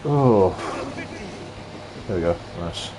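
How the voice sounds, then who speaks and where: A man's voice: sits low, animated, drawn-out words, background noise. A man from London chatting casually and ranting in asides while live-streaming a retro game at his desk mic.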